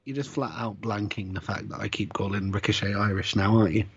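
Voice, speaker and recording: A man co-hosting a casual chat, measured and dryly teasing. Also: on the low side, level tone, a bit bright, breathy edge, dull audio. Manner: measured, dry teasing, chuckles. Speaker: podcast co-host.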